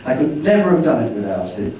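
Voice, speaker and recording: A man's voice: mid-range voice, very animated, fast talker, lo-fi sound, noisy background. A man giving a chatty, rambling slide-show talk about his travels, acting out the dialogue he quotes. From Britain. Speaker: speaker at a travel meeting. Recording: roomy hall, distant mic.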